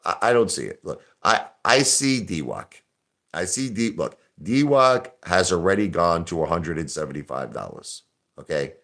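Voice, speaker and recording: A man's voice: deep voice, animated, normal speed, fairly bright tone. A man hosting a live stream, ranting in a brash, combative way and repeating himself for emphasis. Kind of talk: casual live-stream rant.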